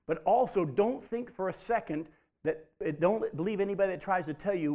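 A man preaching a sermon, animated and emphatic, often stressing his points by repeating them. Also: high-pitched, brisk. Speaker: pastor.

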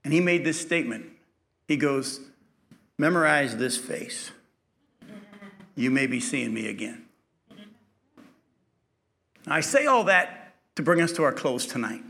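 A man's voice: medium pitch, animated, unhurried, creaky, long pauses, pushed and bright. A man preaching a sermon, telling a personal story in a conversational way, acting out the dialogue, then building to emphatic preaching.

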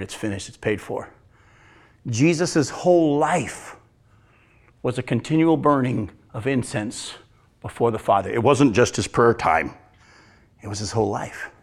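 A male pastor preaching a sermon in a conversational way, asking the congregation questions and swinging between emphatic lines and hushed ones. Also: mid-range voice. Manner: addresses congregation directly, asks questions.

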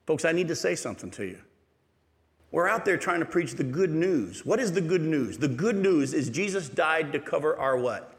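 Animated preaching man in a reverberant hall. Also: fairly high pitch, moderate pace. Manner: animated preaching, rhetorical questions to the congregation. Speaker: pastor. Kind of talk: sermon.

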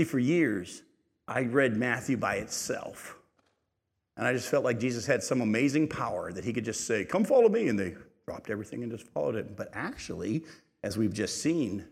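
A male pastor giving a sermon, reading scripture aloud with rising intensity and then retelling it in a quieter, conversational way with asides to the congregation. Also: gravelly, breathy edge, long reverb tail. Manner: rises in pitch and volume when reading aloud, drops low and quiet when retelling.

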